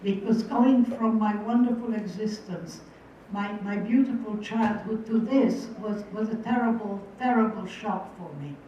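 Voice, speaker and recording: A woman's voice: medium pitch, unhurried, dark tone, a little hiss or hum. Older woman telling her story, echoey room. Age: 80s. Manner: earnest, vivid retelling with repeated phrases. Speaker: guest speaker. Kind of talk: personal storytelling talk to an audience. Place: large room with a live audience. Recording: distant, echoey, muffled hall recording.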